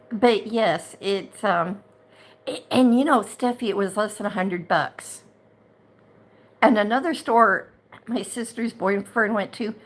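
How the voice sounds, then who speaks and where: A middle-aged woman chats on her livestream in an unhurried, easygoing pace. She gets heated and indignant and circles back over the same points again and again. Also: medium pitch, a bit bright. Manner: chatty, heated and indignant, repeats herself. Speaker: livestream host and chat moderator. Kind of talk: casual livestream chat.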